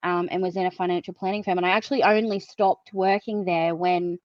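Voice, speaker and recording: Frank and blunt, a female podcast guest shares her personal story with plenty of swearing and fillers. She speaks fairly quickly in a lowish voice with fairly even intonation, on a dry, lo-fi recording.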